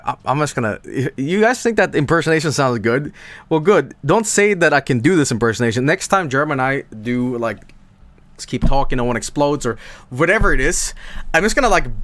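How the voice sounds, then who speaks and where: A man's voice: fairly high pitch, a bit bright. A male streamer talking off the cuff to his chat, his voice swinging widely up and down as he rambles. He stammers, restarts and cuts himself off mid-thought. The sound is close and dry, with no room echo. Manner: rambling, stammering, self-interrupting. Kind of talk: casual live-stream chat.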